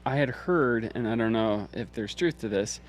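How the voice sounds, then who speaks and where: A man's voice: mid-range voice, normal speed, slight background noise. A man commentating live on a mountain ultramarathon livestream, easygoing with a dry sense of humor.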